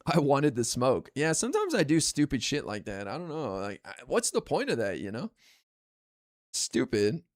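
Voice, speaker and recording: A man telling a rambling, candid story in a casual monologue, full of fillers and profanity, jumping high in pitch when he quotes others. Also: wildly swooping pitch, moderate pace. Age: adult, calls himself too old to yell at teens. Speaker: political commentary streamer.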